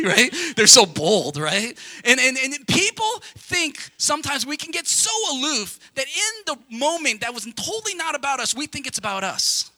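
High, bright-voiced young male pastor preaching. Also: no echo. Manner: animated, conversational preaching with quick asides to the congregation. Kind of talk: sermon.

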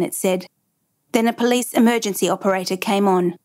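A woman reading a dramatic true story aloud in measured, even narration. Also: medium pitch.

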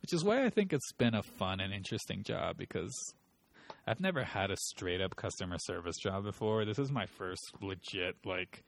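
A man's voice: deep voice, moderate pace, creaky. A man telling rambling, profane work stories in casual chat. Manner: profane, rambling, animated storytelling.

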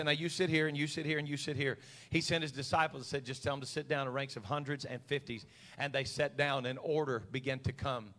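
A preacher man with a high, bright voice delivers a sermon that swells from measured teaching into shouted fervor. He mimics anxious congregants in a mocking tone. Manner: preaching with rising intensity and crowd call-and-response. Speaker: pastor.

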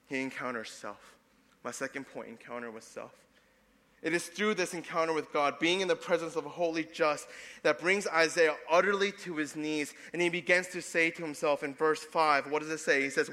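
Man, pastor, sermon, bright tone, a little high, loud then quiet delivery. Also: fairly quick, big-room sound. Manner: swings between loud emphatic passages and soft hushed ones.

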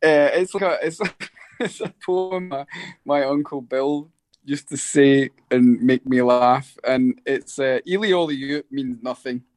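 A Scottish man from Scotland, a musician guest speaking from a record company office, talking in a halting, good-humoured way. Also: medium pitch, level tone, darkish tone, no room sound. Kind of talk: casual remote interview.

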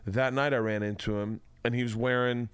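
A man's voice: mid-range voice, fairly even intonation, a little fast, clear, resonant tone, dry recording. A middle-aged man from Florida, hosting a podcast and telling rambling stories with plenty of swearing. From Tampa, Florida. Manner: rambling storyteller, swears freely. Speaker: podcast host. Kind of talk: casual chat.

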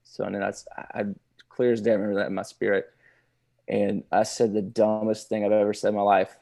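A man, a pastor telling his personal testimony in casual conversation, halting with many restarts and laughing now and then. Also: lowish voice, flat delivery, vocal fry, mellow.

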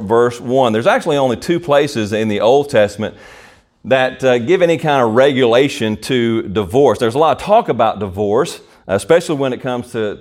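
Male preacher, mid-pitched, explanatory sermon delivery, repeats key words, lots of fillers. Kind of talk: sermon Bible teaching.

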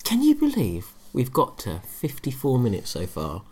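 Super low-voiced woman, laid back podcast cohost, swears a bit, laughs a lot. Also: huge pitch swings, moderate pace, a little mellow, husky. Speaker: podcast co-host. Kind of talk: casual chat.

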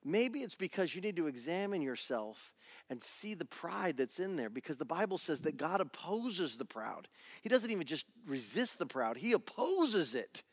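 A middle-aged male pastor preaching a sermon in a church, animated and acting out little family scenes. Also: on the high side, normal speed, breathy edge, no room sound. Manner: animated, acts out family scenes in different voices.

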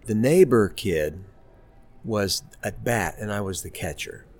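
A man telling a childhood story in an interview, in a measured and reflective way. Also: lowish voice, expressive, a little mellow.

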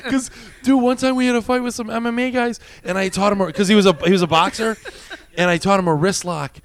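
A fast-talking man with a high voice tells stories about working as a nightclub bouncer in an easygoing podcast chat. He's profane and animated, swearing plenty and acting out people's quotes.

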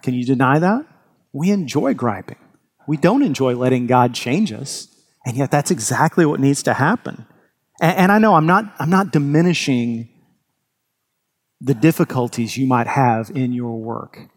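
A man's voice: mid-range voice, expressive, normal speed. A man preaching a sermon as pastor, earnest and emphatic, often restarting his words.

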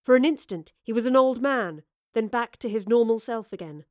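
A woman reading a story aloud as narrator, steady and expressive. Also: fairly high pitch, moderate pace, no room sound, clean studio sound. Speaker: audiobook narrator. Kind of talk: scripted narration.

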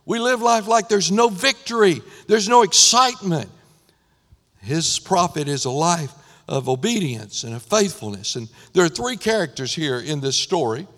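A man preaching a sermon with impassioned, rising and falling emphasis, his voice going hoarse. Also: fairly high pitch, fairly bright tone, in a large hall. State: losing his voice. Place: church sanctuary.

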